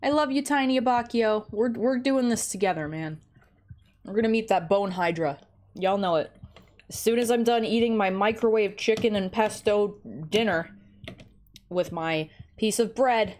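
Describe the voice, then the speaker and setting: This streamer's mid-range voice has a darkish tone and a slightly slow pace. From home, she rambles through easygoing gaming chat with self-deprecating humor, picked up by a nearby desk microphone.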